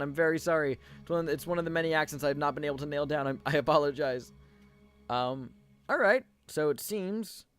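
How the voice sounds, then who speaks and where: A man talks viewers through a game in a loose, chatty let's-play voice, tripping over his words and starting sentences again. He pauses to read on-screen text aloud at a middling pitch. Soft game music plays faintly underneath. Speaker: gaming video host. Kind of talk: casual let's-play commentary.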